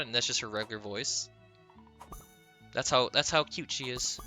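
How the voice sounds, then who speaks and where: A man talks casually with viewers during a gaming livestream, playfully joking and giggling at his own lines. His mid-range voice has a sharp tone and moves a little fast, with faint music behind him.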